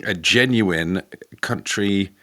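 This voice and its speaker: A man's voice: deep voice, takes it slowly, sharp tone. A man co-hosting a podcast in casual, dry, playful banter. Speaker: podcast co-host. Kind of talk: casual comedic chat.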